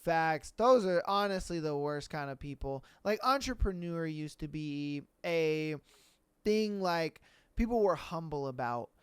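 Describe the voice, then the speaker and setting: A man's voice: fairly high pitch, a little slow, clean tone, dry recording. Blunt, profane man ranting on a podcast. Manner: blunt, profane, animated, with slang. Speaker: podcast host. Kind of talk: casual solo rant.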